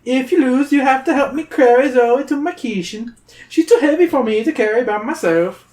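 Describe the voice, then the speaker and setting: A podcast reader voicing a sly, greedy tiny male troll in a high, giggly, wheedling voice. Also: normal speed, darkish tone, lightly acted. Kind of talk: character voice while reading a gamebook aloud. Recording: roomy echo.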